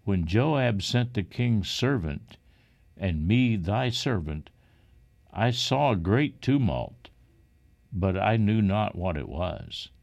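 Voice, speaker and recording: A man's voice: fairly low pitch, very animated, slow pace, gravelly, darkish tone, heavily acted. Earnest young messenger, read by a man. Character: eager young male messenger.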